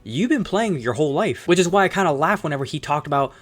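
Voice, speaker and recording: A man hosting a casual sports opinion video, arguing heatedly with plenty of profanity and quick self-corrections. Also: fairly high pitch, animated. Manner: rapid-fire, self-correcting delivery. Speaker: sports commentary host.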